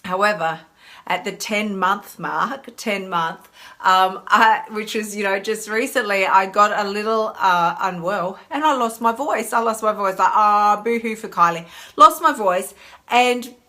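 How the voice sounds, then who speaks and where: A woman's voice: mid-range voice, measured pace, pushed and bright. An Australian woman in her thirties, a chatty emotional eating coach hosting a casual live stream and greeting viewers by name.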